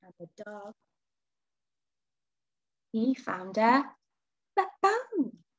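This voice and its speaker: A woman reading a children's storybook aloud for a school, dramatic and expressive, with whispers and gasps. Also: mid-range voice, slow, dull audio.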